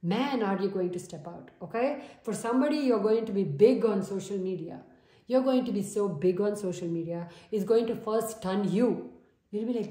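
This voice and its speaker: A woman's voice: mid-range voice, moderate pace, mellow. A woman giving a tarot reading, earnest and coaxing, often checking in with "okay?". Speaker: tarot reader. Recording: roomy echo.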